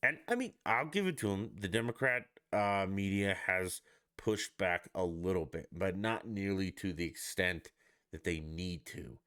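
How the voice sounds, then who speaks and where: A man's voice: low-pitched, expressive, unhurried, bright, forceful tone, clear, resonant tone. A man hosting his own stream, ranting with profanity and sarcasm in casual solo commentary. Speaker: podcast host.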